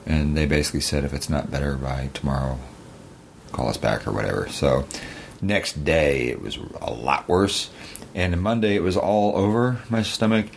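A man's voice: very deep voice, lively intonation, normal speed, vocal fry. A tired man co-hosting a casual podcast, dry and matter-of-fact. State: tired, recovering from surgery. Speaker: podcast co-host. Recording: faint background noise.

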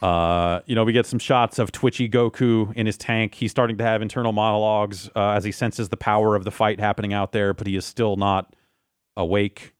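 A man co-hosting a casual anime recap chat, rambling with restarts and swearing, slipping into quick quoted lines. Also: on the low side, level tone, no room sound, clean studio sound. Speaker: podcast co-host.

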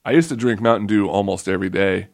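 A man's voice: lowish voice, fast, gravelly, no echo, studio quality. A young man hosting a casual podcast, rambling and joking about himself. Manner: rambling, joking, self-mocking. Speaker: podcast host. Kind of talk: casual solo podcast chat.

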